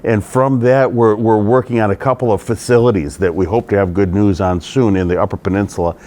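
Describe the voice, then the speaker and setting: A man's voice: on the low side, steady tone, a little fast, dark tone. A middle-aged man, a state legislator, answering interview questions in an earnest, conversational way.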